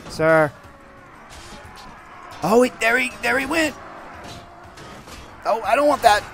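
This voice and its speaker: A gaming channel host with a very high-pitched voice talks slowly over faint background music as he hosts a let's play. Animated and excitable, he comments on his game with light roleplay and gives orders to his troops.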